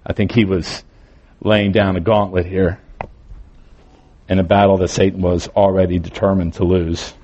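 A male pastor preaching a morning sermon, moving between emphatic lines and quieter, drawn-out phrases. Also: low voice, flat delivery, lo-fi sound, a little hiss or hum.

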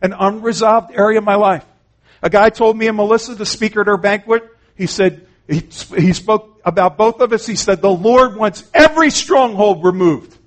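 A man's voice: sits high, fairly even intonation, normal speed. A man preaching an earnest, conversational sermon, retelling conversations and often saying "man". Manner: frequent "man" and restarts.

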